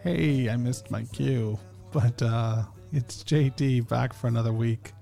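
A man's voice: medium pitch, measured pace, gravelly, mellow, soft background music. A man hosting a podcast, rambling casually with many fillers and restarts. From Canada. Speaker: podcast host.

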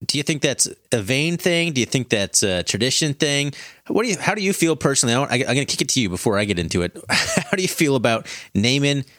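A young adult man co-hosting a podcast in casual chat, relaxed and joking, often laughing. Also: mid-range voice, fast, no room sound, clean studio sound. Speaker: podcast co-host.

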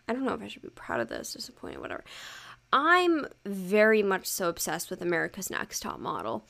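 A woman's voice: mid-range voice, vocal fry, a bit bright. A young woman hosting her own podcast, talking in a loose, chatty way. She swears freely, mocks herself and fills her talk with "um" and "like". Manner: chatty, swearing, self-mocking, lots of fillers. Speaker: podcast host. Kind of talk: casual solo podcast chat.

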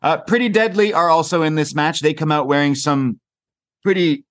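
A man's voice: fairly high pitch, normal speed, a bit bright. A Canadian man co-hosting a podcast, recapping a wrestling show in rambling casual chat with lots of fillers and the odd swear. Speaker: podcast co-host.

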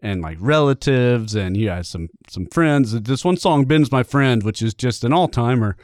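A man's voice: mid-range voice, lively intonation, moderate pace, darkish tone, no echo, studio quality. A man hosting a casual music podcast, telling a rambling story and laughing often. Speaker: podcast host. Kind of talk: casual chat.

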